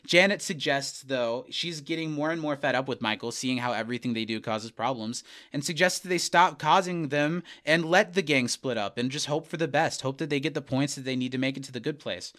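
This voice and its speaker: A man co-hosting a podcast, casually recapping a TV episode and acting out quick character quotes with laughs. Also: mid-range voice, fairly bright tone. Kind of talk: casual chat.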